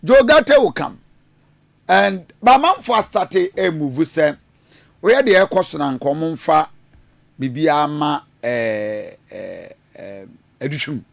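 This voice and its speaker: A man's voice: on the high side, animated, slow pace, creaky, no room sound, studio quality. A man with a Ghanaian accent giving rambling, hesitant political commentary, mixing in Twi phrases. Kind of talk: casual news commentary.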